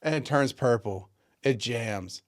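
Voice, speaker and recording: Taking his time, a man with a medium-pitched voice co-hosts a podcast from Pennsylvania, spinning a casual story. He's animated and performs the voices of each character he describes.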